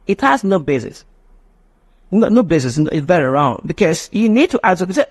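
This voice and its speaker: A man's voice: fairly high pitch, normal speed, husky. A man teaching a live online phonetics class, often asking rhetorical questions. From Nigeria. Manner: animated, mimics children's voices, asks rhetorical questions.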